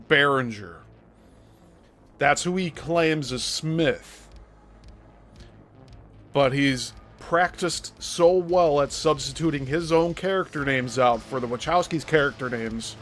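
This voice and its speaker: A man's voice: fairly high pitch, a bit bright. A man hosting a show, giving critical, explanatory commentary on a script. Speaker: host.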